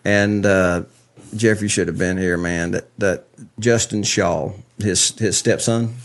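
A man, rambling through a casual podcast chat and laughing often. His voice sits low with a gravelly edge. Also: fairly even intonation, takes it slowly. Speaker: podcast host.

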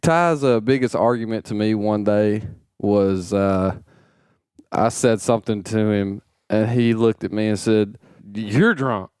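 A man's voice: on the low side, measured pace, darkish tone, clean tone, no room sound, studio quality. A man co-hosting a casual chat, teasing his friends and laughing often. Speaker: podcast co-host. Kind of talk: casual banter.

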